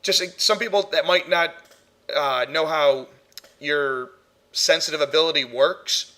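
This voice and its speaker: Higher-voiced male host, chatty storyteller who laughs a lot. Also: measured pace, bright, forceful tone. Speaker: podcast host, paranormal investigator. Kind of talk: casual podcast chat.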